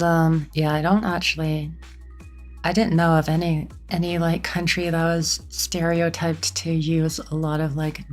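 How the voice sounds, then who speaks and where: A young woman from Canada streaming a game, chatting casually with viewers in a rambling way full of "like" and restarts. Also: on the low side.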